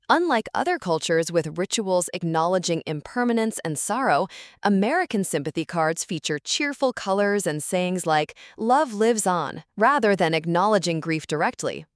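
Woman in steady scripted narration. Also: fairly low pitch, no echo, clean studio sound. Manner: steady, even-paced reading. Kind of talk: scripted book-summary narration.

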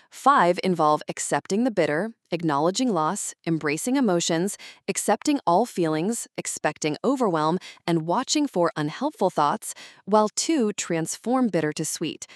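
A woman reading a scripted book summary in a steady, even-paced narrating voice. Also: on the low side, normal speed, no echo, clean studio sound.

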